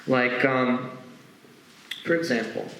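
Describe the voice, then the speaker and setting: A young man performs a stand-up comedy set on stage, speaking slowly in a mid-range voice. He keeps it conversational, full of asides and lively acted quotes. The recording has a roomy echo and slight background noise.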